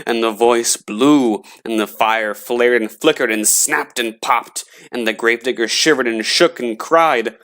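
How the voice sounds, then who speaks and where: A man narrating a scary story in a slow, dramatic reading voice. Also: medium pitch, steady tone, a bit bright.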